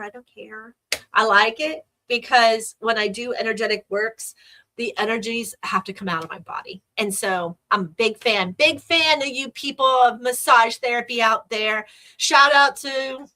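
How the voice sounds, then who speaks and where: A woman's voice: a little high, bright, forceful tone. A woman hosting a podcast, talking in a chatty, rambling and enthusiastic way. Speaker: podcast host. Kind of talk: casual solo podcast talk.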